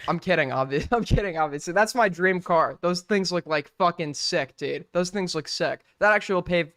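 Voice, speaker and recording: High, crisp-voiced young man streamer. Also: fairly quick, no echo, studio quality. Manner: loud, jokey, profane banter. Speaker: streamer host. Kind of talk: casual reaction commentary.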